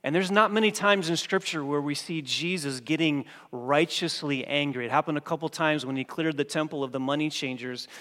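A male pastor preaching a sermon, emphatic, repeating key phrases and slowing on words for stress. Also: on the high side, sharp tone, long reverb tail.

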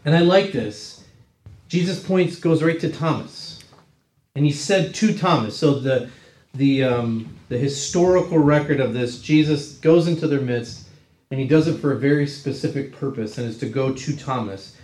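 A man's voice: medium pitch, normal speed, a little mellow, echoey room, rough recording. A man leading an informal Bible study class, talking it through conversationally and often checking in with "right?". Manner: conversational, checks in with 'right?' tags.

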